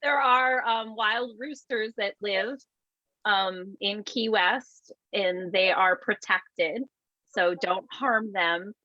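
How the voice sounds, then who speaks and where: Slow, bright-voiced woman co-host. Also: medium pitch, no room sound, lo-fi sound. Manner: unhurried, explains with fillers. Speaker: podcast co-host. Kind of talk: casual chat.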